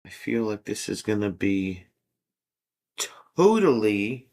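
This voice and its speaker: A man hosts a relaxed livestream chat and takes his time over each thought. He is playful and jokey and laughs a lot as he reacts to his viewers. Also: fairly low pitch, slow.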